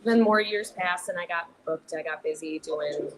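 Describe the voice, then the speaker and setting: A young woman with a slightly low voice chats easily as a podcast guest, full of fillers and quick laughs. A steady hiss of background noise sits under her voice. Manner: chatty, many fillers and restarts, laughs easily. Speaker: guest, theater director. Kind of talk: casual podcast interview.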